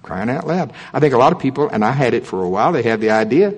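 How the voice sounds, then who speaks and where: A man's voice: medium pitch, lively intonation, fast talker, husky. A man preaching a sermon in a folksy, conversational way, emphatic and full of humorous asides.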